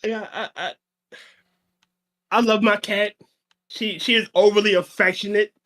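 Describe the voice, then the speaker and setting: High-voiced man, stammering and rambling. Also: steady tone, measured pace, sharp tone. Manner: rambling, stammers and repeats words. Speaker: podcast co-host. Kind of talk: casual podcast chat.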